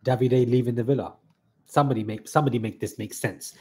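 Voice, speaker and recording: Excitable husky young man. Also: mid-range voice, fast. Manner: excitable hype talk, keeps saying "guys". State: stuffy nose. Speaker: live stream host. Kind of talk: live reaction commentary.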